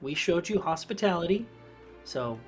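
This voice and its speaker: Kind adventurer lady, soft reassuring tone, gm putting her on. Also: medium pitch, expressive, moderate pace, faint music behind, close to an everyday voice. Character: kind young woman adventurer, gently reassuring.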